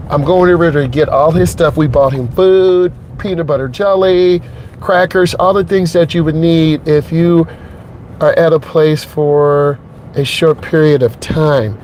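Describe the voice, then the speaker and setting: A man's voice: on the high side, measured pace, darkish tone, a little hiss or hum. A middle-aged man, a driving instructor, talking earnestly and emotionally to his viewers from inside his truck while driving, repeating his points and checking in with "okay?". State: emotionally shaken.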